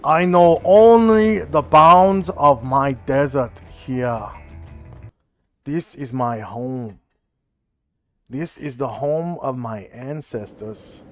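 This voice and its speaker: A man voicing a polite male desert hare who speaks slow, broken phrases in a put-on West Asian accent. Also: mid-range voice, a bit bright, soft background music. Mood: earnest.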